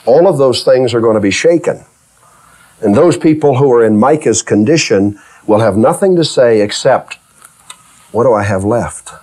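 A man preaching a sermon, reading scripture and acting out its figures in everyday speech, moving from hushed low passages to loud, high exclamations. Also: lively intonation, moderate pace.

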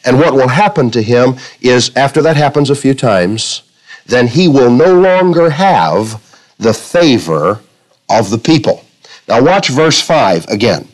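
A man's voice: medium pitch, animated, unhurried, low-quality recording. A man preaching a sermon to a congregation, telling illustrations and quoting scripture with shifting emphasis. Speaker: pastor.

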